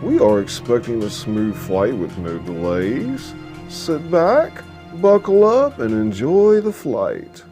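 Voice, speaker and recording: A man's voice: mid-range voice, huge pitch swings, takes it slowly, warm tone, faint music behind, voice pushed up. A man voicing an airline captain making a melodic cabin announcement. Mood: announcing.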